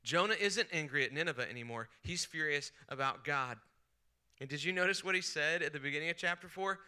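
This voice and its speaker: A male pastor delivers an animated sermon with a very bright, forceful tone and a smooth, crisp voice. He swings from hushed storytelling to heated bursts when he acts out the prophet's complaints. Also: fairly high pitch, a little fast. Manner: animated preaching, acting out the angry prophet's voice. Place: retreat session hall.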